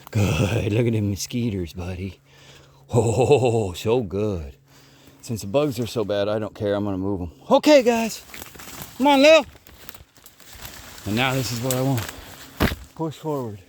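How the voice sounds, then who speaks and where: A man's voice: fairly low pitch, normal speed. A man training bird dogs in the woods, explaining as he walks and praising his dogs. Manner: calls loudly to his dogs while explaining. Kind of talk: walking field narration to camera. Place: outdoors in the woods. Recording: outdoor field recording with noise. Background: birds and outdoor sounds.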